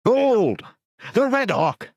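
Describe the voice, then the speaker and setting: A man voicing a bold young barbarian warrior who rouses his men with shouted cries. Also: mid-range voice, sing-song, unhurried, no echo, dull audio, voice pushed up. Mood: rallying. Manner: rousing, shouts battle cries.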